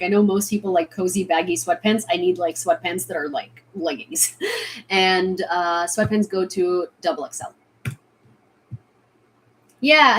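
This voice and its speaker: A woman from Ukraine with a loose American accent, talking to her viewers on a casual live stream. She rambles with fillers and restarts, her voice jumping up in excited bursts, at an average pitch for a woman. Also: a little hiss or hum. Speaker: vlogger answering chat.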